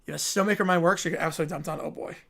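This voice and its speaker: A man hosting a livestream speaks in casual chat, quick and offhand, and gives strong opinions. His voice sits fairly high for a man and has a gravelly fry. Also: steady tone, sharp tone. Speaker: livestream host.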